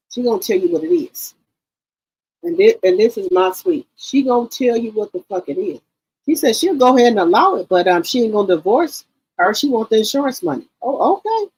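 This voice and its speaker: Older woman in her sixties, live-stream host, husky tone, animated and profane, repeats lines over and over. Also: fairly high pitch, rough recording. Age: 60s. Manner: animated, profane, repeats herself, calls viewers "my sweet" and "baby". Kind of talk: casual live-stream chat.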